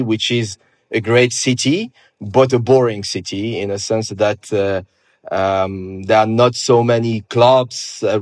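A man in his thirties from Morocco with a Moroccan French accent, answering interview questions in a relaxed, hesitant way with many pauses. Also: on the low side, no room sound, clean studio sound. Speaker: guest. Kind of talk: casual interview conversation.

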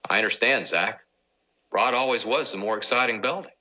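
An actor playing a stern but kind middle-aged school principal in a 1990s sitcom, earnest and direct. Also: male voice, medium pitch, a little fast, poor audio. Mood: gentle. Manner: scolding, then gentle and earnest.

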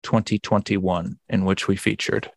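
A man's voice: deep voice, flat delivery, unhurried, vocal fry. A man hosting a podcast in casual chat, rambling and often restarting his sentences. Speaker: podcast host.

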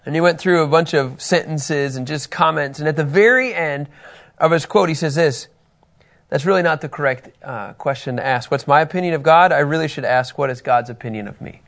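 Male Bible teacher, slightly high gravelly voice, reads verses and quizzes his class with energy. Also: a little fast. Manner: animated, reads scripture aloud and asks class questions.

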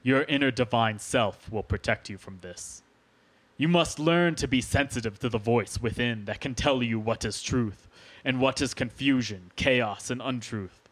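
A man reading aloud as a solemn male alien envoy addressing Earth, slow and grave, as on a podcast. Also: medium pitch, breathy edge, lightly acted.

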